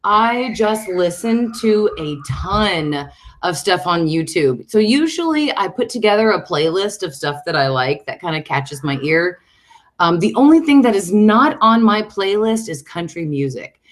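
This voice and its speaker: A middle-aged American woman hosting a casual live stream at home, an excitable author chatting about her books. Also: a little slow. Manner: chatty and excitable, breaking off to call her dog in a high coaxing voice. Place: room at home.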